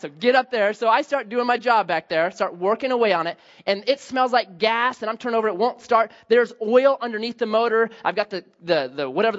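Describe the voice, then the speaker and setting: Male pastor, middle-aged, high pitch, lively self-mocking storyteller, slightly muffled recording. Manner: animated storyteller, laughs at himself. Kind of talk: sermon with humorous story.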